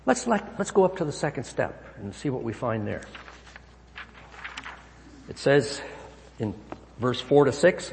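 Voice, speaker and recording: A man's voice: expressive, moderate pace, vocal fry, long pauses, darkish tone. Emphatic male preacher in a reverberant hall. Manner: emphatic, swinging pitch and volume. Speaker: pastor. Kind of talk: sermon.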